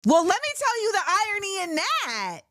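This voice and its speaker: A woman's voice: very high-pitched, normal speed, no echo, clean studio sound. A woman hosting a show, chatting animatedly about music, reacting to viewer comments and breaking into snatches of song. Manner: animated, sings snippets and reacts to chat. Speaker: talk show host. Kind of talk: casual livestream commentary.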